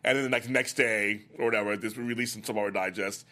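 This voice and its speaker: A man hosting a soap opera after-show, excitedly recapping the week's episodes in a gossipy, chatty way and acting out the characters' lines. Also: fairly low pitch, fast talker.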